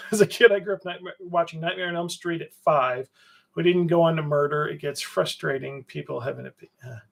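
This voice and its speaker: A man's voice: on the high side, creaky, fairly bright tone. A man hosting a publisher's livestream, rambling through viewer chat in a sardonic, swearing way, trailing off with fillers.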